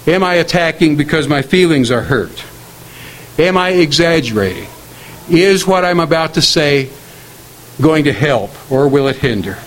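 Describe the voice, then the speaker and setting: Middle-aged male preacher, earnest and measured, a slightly raised voice over faint hiss. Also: a little high, animated, rough recording. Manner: measured, earnest, slows to quote scripture. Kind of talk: sermon on marriage.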